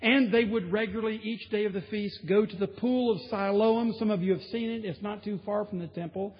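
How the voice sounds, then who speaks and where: A man's voice: high-pitched, steady tone, a little fast. A man preaching a sermon from the pulpit, emphatic and building intensity with repetition. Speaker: pastor. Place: large church sanctuary. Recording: dull sound with long hall reverb.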